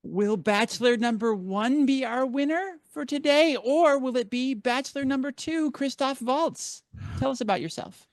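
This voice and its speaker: A man's voice: extremely high pitch, expressive, moderate pace, no room sound. A man hosting a mock game show in a showy announcer manner.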